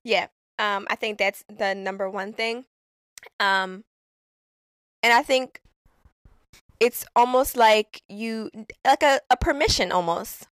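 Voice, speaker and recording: A woman chatting casually and animatedly, full of slang and quick stories. The sound is dry and close, with no room around her voice. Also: mid-range voice, no room sound. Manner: animated, laughing, slangy storytelling. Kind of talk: casual conversation.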